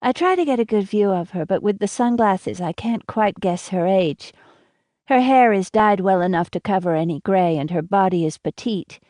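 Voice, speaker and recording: A woman reading a first-person audiobook in an even, measured way. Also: mid-range voice, no echo, clean studio sound. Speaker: audiobook narrator.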